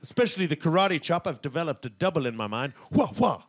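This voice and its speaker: A middle-aged man doing stand-up comedy on stage, rambling and self-mocking, now and then bursting into shouted voices. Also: on the high side, sing-song, fast talker, background noise. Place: comedy stage before a laughing audience.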